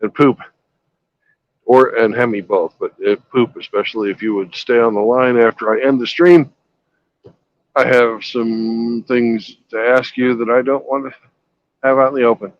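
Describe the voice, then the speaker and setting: A man's voice: mid-range voice, steady tone, moderate pace, no room sound, muffled recording. A man hosting a livestream from his parked truck, chatting in a laid-back way and swearing casually. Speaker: livestream host, truck driver. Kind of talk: casual chat.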